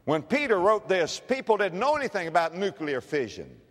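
A man's voice: high voice, very animated, a little fast, few pauses. Dramatic male preacher in an echoey hall. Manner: dramatic, swings from shouts to hushed tones. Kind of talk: evangelistic sermon.

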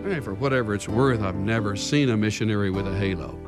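A man preaching a sermon to a congregation, dramatic, moving from hushed tones to shouting. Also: lowish voice, fast talker. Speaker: pastor. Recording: long reverb hall with faint music.

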